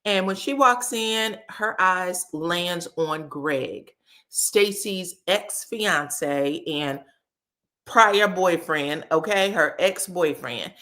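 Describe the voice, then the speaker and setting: A woman casually recapping a reality TV episode in a chatty, gossipy way, acting out the cast's quotes in animated voices. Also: on the low side, very slow.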